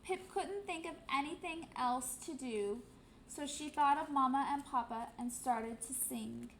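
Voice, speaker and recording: A woman's voice: sits high, measured pace, slight background noise, low-quality recording. A woman teacher reading a storybook aloud expressively, acting out sound effects.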